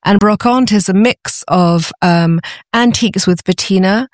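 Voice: mid-range voice, unhurried, dry recording, clean studio sound. A guest speaking enthusiastically in an interview, with many fillers and restarts. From Britain. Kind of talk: conversational interview.

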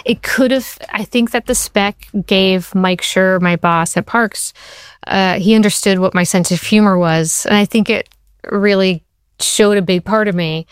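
Woman TV writer being interviewed, smooth low voice, dry close sound. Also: unhurried, no room sound. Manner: storytelling, quotes people in shifted voices. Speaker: TV writer and show creator.

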